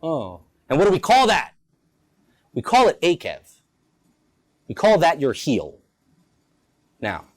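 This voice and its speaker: Lively rabbi with a high, bouncing voice. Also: male voice. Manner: lively, rhetorical questions, playful asides. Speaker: rabbi teaching a class. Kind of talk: lunchtime Torah class. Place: school campus.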